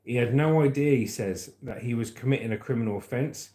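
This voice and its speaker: A man's voice: medium pitch, brisk, hardly any pauses, warm tone. An English man hosting a livestream, reading news aloud and chatting and joking with viewers' comments. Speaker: livestream host.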